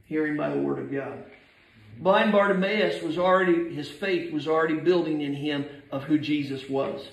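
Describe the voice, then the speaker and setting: A man preaching a sermon, emphatic, swinging from soft asides to shouted appeals. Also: on the high side, normal speed, vocal fry, slightly rough, rough recording.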